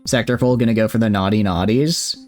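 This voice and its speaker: A man with a Southern accent and a lowish voice talks a little fast over soft background music. He chats and jokes while livestreaming a space game, reading its text aloud as part of his gameplay commentary.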